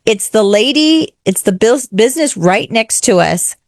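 A woman who hosts a podcast, telling a story on a radio chat show in a fast, excitable way. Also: fairly high pitch, no room sound, clean studio sound. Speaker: podcast host and radio regular. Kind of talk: animated storytelling in casual chat.

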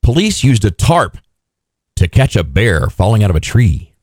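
A male host with a fairly low voice that rises and falls freely as he tells odd news stories. He keeps a wry, joking tone, and the sound is dry and close. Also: very animated, normal speed, darkish tone, no echo. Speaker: radio show host. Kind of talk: casual news chat.

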